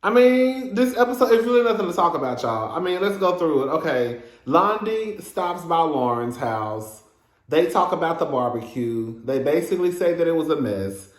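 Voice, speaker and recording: A man's voice: a little high, normal speed, roomy sound. A man giving a sassy, gossipy review of a reality show episode, with lots of laughing asides. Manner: sassy and animated, with frequent laughs and "girl". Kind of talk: casual gossipy commentary.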